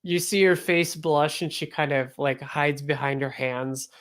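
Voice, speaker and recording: Woman game master, relaxed chatty narration, lowish voice. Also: measured pace. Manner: casual, lots of "like" and fillers.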